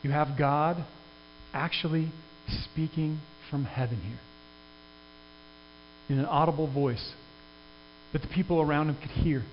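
Pastor preaching in a reverberant hall. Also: male voice, fairly high pitch, fairly even intonation, unhurried, long pauses. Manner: conversational, earnest, with frequent restarts. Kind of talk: sermon. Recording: dull sound with long reverb and faint hum.

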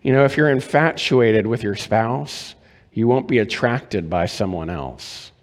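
A man preaching a sermon as pastor, measured and deliberate, asking rhetorical questions of his congregation. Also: lowish voice, lively intonation, big-room sound.

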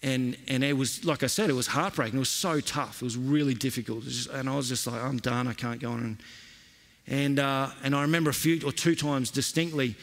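A man's voice: mid-range voice, fairly even intonation, a little fast, in a large hall. A male pastor preaching a sermon in an earnest, emphatic way, repeating his key phrases.

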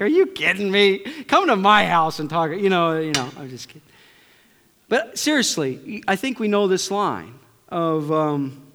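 A middle-aged male pastor preaching a conversational sermon to his congregation, swinging between loud bursts and near-whispers. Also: fairly high pitch. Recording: long hall reverb.

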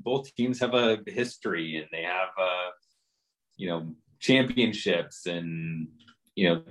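A man co-hosting a podcast, chatting casually about his team's schedule with many fillers and restarts. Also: fairly low pitch. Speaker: podcast co-host. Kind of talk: casual sports chat.

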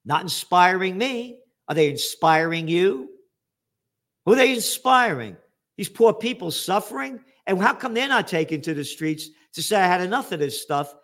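A man's voice: high voice, lively intonation, moderate pace, fairly bright tone. An older man hosting a commentary show, ranting angrily and sarcastically with lots of swearing. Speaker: show host. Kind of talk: angry political commentary.

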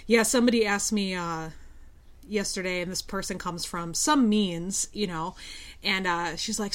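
A woman's voice: mid-range voice, moderate pace. A young woman who teaches at a community college, co-hosting a podcast and telling candid stories in casual chat. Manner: candid storyteller, lots of fillers and quoted dialogue.

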